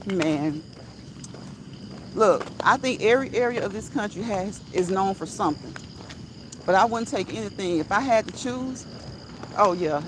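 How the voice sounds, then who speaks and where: There's a noisy background as this fairly high-pitched woman hosts a livestream while walking outside. Chatting casually, she goes through viewer comments, laughing frequently and saying things twice to drive them home.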